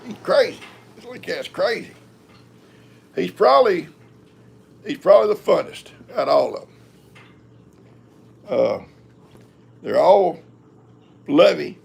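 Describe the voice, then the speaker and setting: A man's voice: sits high, expressive, unhurried, vocal fry, long pauses, husky. An older man, hosting a live stream in a rambling, folksy chat and talking to his cats. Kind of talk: casual chat.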